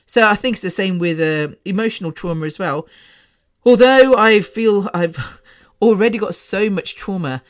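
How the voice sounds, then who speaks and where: A middle-aged woman talks alone on her podcast in an open, confessional way. She wanders between thoughts, restarts her sentences and trails off with sighs. Her voice sits at a middling pitch for a woman. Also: normal speed. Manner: candid, rambling, many restarts and trailing sighs. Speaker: podcast host. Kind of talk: casual solo podcast monologue.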